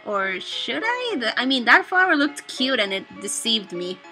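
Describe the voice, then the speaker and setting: A young woman giving excitable, animated let's play commentary on a video game. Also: a little high, a little slow, faint music behind. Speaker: gamer.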